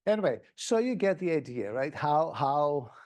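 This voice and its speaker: A man's voice: a little high, very animated, moderate pace, darkish tone. A man giving a plenary conference presentation, speaking in an enthusiastic, conversational way with many restarts.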